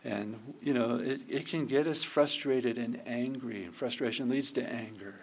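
A man's voice: medium pitch, normal speed, creaky, breathy edge. A middle-aged man preaching a conversational sermon, often acting out quoted prayers. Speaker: pastor.

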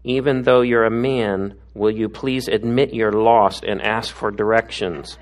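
A middle-aged man voicing a nagging prank GPS navigation voice with measured, deliberate delivery. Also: on the low side, steady tone, close to an everyday voice. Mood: deadpan.

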